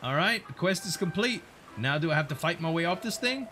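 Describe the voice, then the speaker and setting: A man's voice: a little high, expressive, fairly quick. Playful male gaming host. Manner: casual, playful. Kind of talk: let's play commentary. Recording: game music behind.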